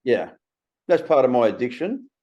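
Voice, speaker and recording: An Australian man in his sixties hosting a casual conversation, blunt and animated, swearing freely. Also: medium pitch, moderate pace. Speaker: podcast host. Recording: slightly muffled recording.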